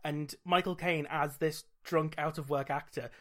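A man's voice: a little high, fairly even intonation, normal speed, fairly bright tone. A British man hosting a podcast, chatting in a wry, casual way. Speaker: podcast host. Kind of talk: casual chat.

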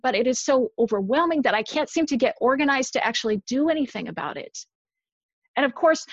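A woman minister giving a measured, earnest sermon, dropping softer on key phrases. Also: on the high side, no room sound, highs cut off.

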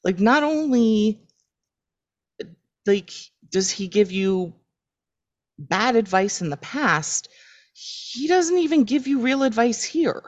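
A woman's voice: on the high side, slow, pauses often, dull audio. A woman co-hosting a casual podcast, retelling scenes and acting out the characters' lines as she goes. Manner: animated storytelling, acts out quotes. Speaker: podcast co-host. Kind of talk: casual rewatch podcast chat.

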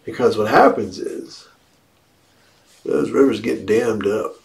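A man giving a Buddhist dharma talk in a slow, reflective way, with playful asides. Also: on the low side, creaky, a little mellow. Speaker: Buddhist teacher.

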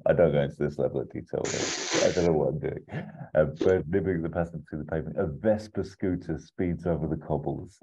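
Very deep-voiced man rambling through a pitch. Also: dark tone, slightly rough, rough recording. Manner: rambling, laughs often, swears. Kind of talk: casual comedic pitch of a film plot.

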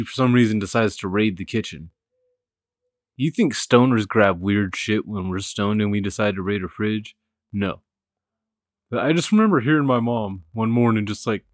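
A man's voice: fairly low pitch, no room sound, studio quality. A young man chatting casually and telling a story, swearing a lot and laughing often. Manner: profane, laughing, animated storyteller. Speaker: podcast co-host.

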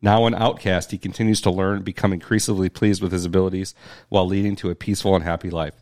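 Guy with a lower voice co-hosting, rambly jokey chat. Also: flat delivery, fast talker, darkish tone. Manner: reads lists aloud, joking and rambling. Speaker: podcast co-host. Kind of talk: casual chat.

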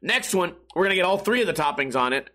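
Man putting on a pizza shop guy, overeager, apologetic, high, rushed. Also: big pitch swings, pushed and bright, heavily acted. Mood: eager. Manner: fast, eager, pitched up.

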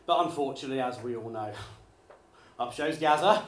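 A man doing a live stand-up routine, chatty and quick with apologetic asides to the crowd. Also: mid-range voice. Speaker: stand-up comedian. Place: small theatre studio with a live audience. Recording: echoey live room, faint ambience.

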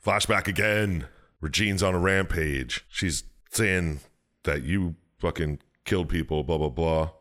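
Recapping a game's plot in loose podcast chat, this man cusses, wanders off track, and slips into goofy character voices. He speaks unhurriedly in a low, slightly bright voice.

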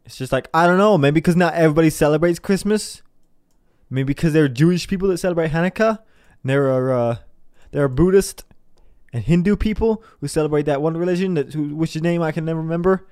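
A man's voice: a little high, brisk, a little mellow, smooth, no room sound, clean studio sound. A young man giving a casual, sarcastic commentary monologue, rambling and mocking people in put-on voices.

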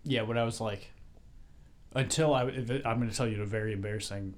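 A young man co-hosting a podcast, chatting casually and telling stories in a rambling, animated way. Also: fairly low pitch, a little fast. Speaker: podcast co-host. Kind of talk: casual chat, telling a joke.

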